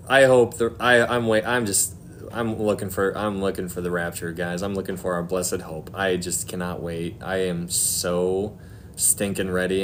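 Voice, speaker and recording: Male host with a lowish voice for a casual faith live stream. He chats, laughs a lot, reads out comments, and turns earnest. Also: slight background noise. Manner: chatty, laughs often, reads viewer comments aloud; earnest, heartfelt about faith. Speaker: Christian livestream host. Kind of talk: casual livestream chat.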